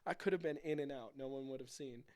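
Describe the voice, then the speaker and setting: A young man hosting a podcast in casual chat, rambling and excitable as he tells stories and gives strong opinions. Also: medium pitch, quick pace. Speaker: podcast host.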